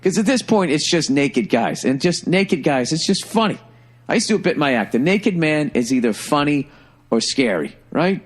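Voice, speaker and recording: A middle-aged man telling a funny story in a casual, profane, animated way, like a stand-up comedian on a podcast. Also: on the high side, moderate pace.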